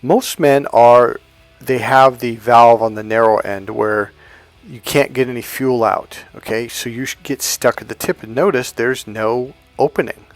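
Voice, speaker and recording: Soft background music accompanies this middle-aged man as he coaches on dating, speaking to camera. He keeps a measured pace and steady tone at medium pitch, yet stays blunt and emphatic, swearing freely and repeating phrases for emphasis.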